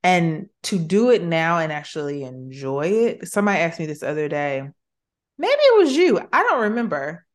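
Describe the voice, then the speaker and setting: Woman host, deep low voice, expressive chatty faith talk. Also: normal speed, few pauses. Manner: warm, expressive, uses 'sis' and 'baby'. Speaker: podcast host, therapist. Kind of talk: casual faith chat.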